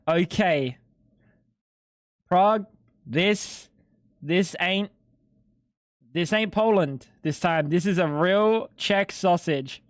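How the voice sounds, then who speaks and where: A young man with a high-pitched voice streams live, chatting casually with viewers in a laid-back, slangy manner and some swearing. The sound is clean studio quality with no room sound.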